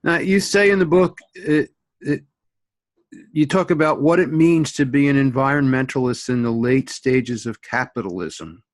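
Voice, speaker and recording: A man's voice: mid-range voice, moderate pace, dry recording. A man hosting an interview in a conversational way, asking questions and telling stories. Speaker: host.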